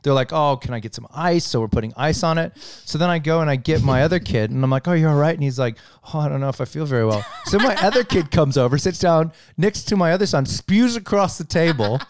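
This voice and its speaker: Aussie guy middle aged, animated storyteller, swears a lot, dry close sound. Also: a little high, quick pace, few pauses, no room sound. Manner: animated storyteller, swears freely, laughs while telling. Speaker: podcast co-host telling a story. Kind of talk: casual chat.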